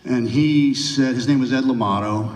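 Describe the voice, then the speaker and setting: A man being interviewed on stage at a large venue, telling rambling anecdotes and breaking into animated impressions. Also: mid-range voice, normal speed. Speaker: guest actor. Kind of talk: onstage interview. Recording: roomy hall, distant mic.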